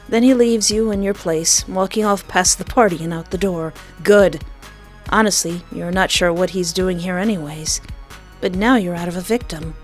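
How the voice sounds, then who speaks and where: A woman reading a visual novel aloud as a let's play, animated and joking, talking back to the game. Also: on the low side, moderate pace, soft background music.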